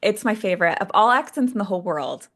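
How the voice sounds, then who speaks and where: A woman's voice: medium pitch, lively intonation, fast talker, fairly bright tone. A woman from Texas, raised later in Utah, who is a guest on a planner channel, chatting enthusiastically and laughing often. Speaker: guest, sticker shop owner and planner creator. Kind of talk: casual chat.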